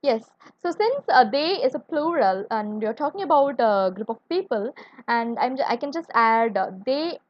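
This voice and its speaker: A woman's voice: sits high, expressive, normal speed, dry recording, lo-fi sound. A woman teaching an online English grammar lesson, spelling words out letter by letter and asking viewers to answer.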